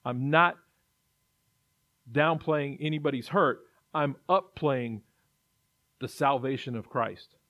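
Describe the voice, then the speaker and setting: A man's voice: mid-range voice, slow pace, long pauses. A man preaching a sermon in an earnest way, building to emphatic repetition. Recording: dull lo-fi recording.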